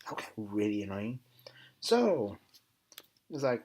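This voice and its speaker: A man talks through a TV episode in a casual, enthusiastic way. His voice swings up and down a lot and has a faintly husky grain. Now and then he mutters quieter asides. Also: lowish voice, sing-song, unhurried, poor audio. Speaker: TV episode reviewer. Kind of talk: casual spoken review.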